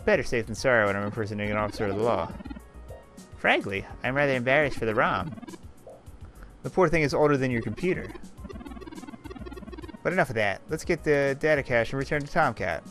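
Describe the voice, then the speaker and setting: A man's voice: mid-range voice, animated, fairly quick, pauses often, music in the background, close to an everyday voice. A man voicing a polite, anxious robot assistant from a game, speaking formally and fretting. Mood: earnest. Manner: formal, wordy, prone to emotional outbursts. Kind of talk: reading game dialogue aloud.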